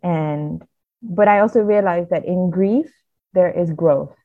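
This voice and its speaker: A woman with a somewhat low voice speaks earnestly and reflectively as a podcast guest, often restarting her sentences. The sound is thin and tinny, like a phone line. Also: slow pace, a little hiss or hum. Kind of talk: candid personal storytelling.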